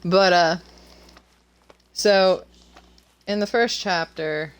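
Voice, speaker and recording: A woman's voice: on the low side, fairly even intonation, extremely slow. A woman author chatting casually about her story while gaming, nervous and rambling with lots of fillers and restarts. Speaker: author and co-host.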